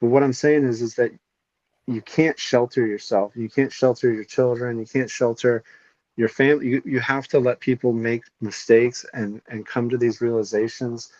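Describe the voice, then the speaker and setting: A man's voice: medium pitch, steady tone, moderate pace, darkish tone, no room sound, muffled recording. A man co-hosting a podcast, ranting casually with heavy swearing and strong opinions. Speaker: podcast co-host.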